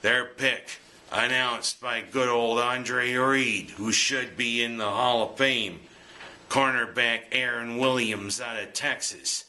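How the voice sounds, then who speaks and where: A man's voice: mid-range voice, fairly even intonation, slow pace, sharp tone. A man giving jokey, punning scripted sports commentary as host. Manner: jokey, punning, breaks into goofy singing.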